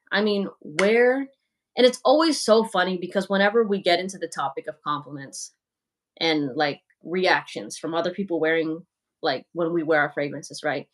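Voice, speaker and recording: A young woman hosting a livestream, talking casually and frankly as she answers viewers' comments, with plenty of "like" and "you know". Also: fairly low pitch. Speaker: livestream host.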